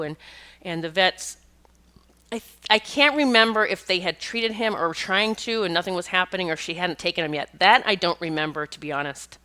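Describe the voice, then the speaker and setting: A woman's voice: fairly low pitch, moderate pace, pushed and bright. A middle-aged woman hosting a podcast, talking casually in a rambling monologue with many restarts and occasional laughs. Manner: chatty, rambling, restarts often and laughs while telling stories. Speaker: podcast host and pet communicator.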